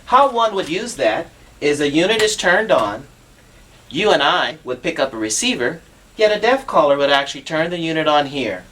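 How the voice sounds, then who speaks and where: A man's voice: on the high side, big pitch swings, normal speed, fairly bright tone. A man demonstrating assistive telephone equipment on a TV show, patient and instructive, walking through each step.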